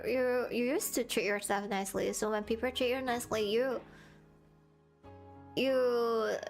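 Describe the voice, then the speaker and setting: A woman streaming from home, chatting casually and giving earnest, encouraging advice. Her throat sounds sore and strained, and her English is halting with non-native phrasing. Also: medium pitch. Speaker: VTuber streamer.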